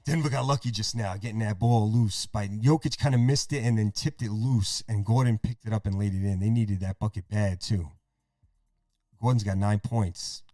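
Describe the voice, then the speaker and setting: A man hosting a podcast, casually calling a basketball game play-by-play, excitable and profane. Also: fairly low pitch, dry recording, studio quality. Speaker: podcast host.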